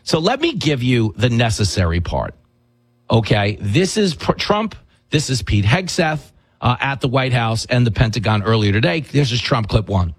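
A man's voice: mid-range voice, big pitch swings, normal speed, husky, no room sound, low-quality recording. A man hosting a talk show, delivering combative, rhetorical political commentary with mocking asides.

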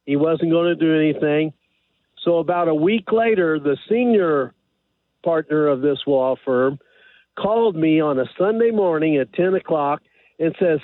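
A man calling in to a radio advice show, telling his story in a rambling, halting way with many pauses and fillers. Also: a little high, lively intonation, no room sound. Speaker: caller. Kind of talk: call-in radio question. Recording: tinny phone line.

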